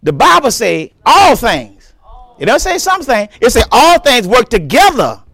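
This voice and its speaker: Male pastor, high voice, lively swoops, emphatic repeated phrasing, dry sound. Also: a little slow, vocal fry, no room sound. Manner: emphatic preaching, repeats words, breaks into shouts. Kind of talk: sermon.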